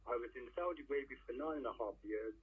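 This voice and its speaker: A man's voice: mid-range voice, fast, slightly rough. A middle-aged man from England calling in to a phone-in show, talking in long, rambling stretches and searching for words. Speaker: caller. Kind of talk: phone-in call. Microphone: telephone. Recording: tinny phone line.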